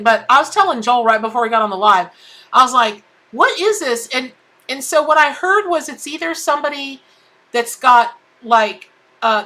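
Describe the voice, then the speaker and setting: A woman hosts a live tarot stream, chatting bubbly and casually while greeting viewers by name. Her voice is fairly high, bright, and forceful.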